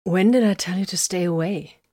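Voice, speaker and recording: A woman's voice: on the low side, moderate pace, dark tone, dry recording, clean studio sound, lightly acted. A woman reading a story, voicing a blunt, sarcastic young woman with mystic powers.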